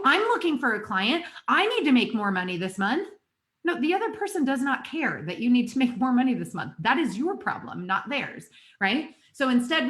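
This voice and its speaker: A woman's voice: mid-range voice, fairly bright tone. A young adult woman hosting a live online business training, upbeat and chatty, talking straight to her viewers. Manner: upbeat, chatty, addresses the audience directly. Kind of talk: live webinar coaching. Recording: echoey room.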